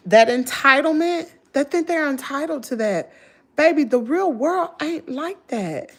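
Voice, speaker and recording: A woman's voice: high-pitched, animated, a little slow. Sassy woman ranting on a livestream. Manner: sassy, indignant, talks straight to her chat. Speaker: livestream host. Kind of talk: live-stream gossip commentary.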